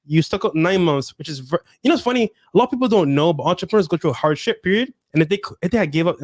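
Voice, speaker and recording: A man co-hosting a podcast, chiming in with rapid, enthusiastic casual remarks. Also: sits high, lively intonation, no echo, studio quality. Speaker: podcast co-host. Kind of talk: casual chat.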